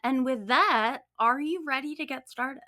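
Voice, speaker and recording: A woman's voice: high voice, measured pace, bright, forceful tone, no echo, clean studio sound. A woman co-hosting a true-crime podcast, telling the case in upbeat, chatty style with casual swearing. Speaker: podcast co-host and case writer.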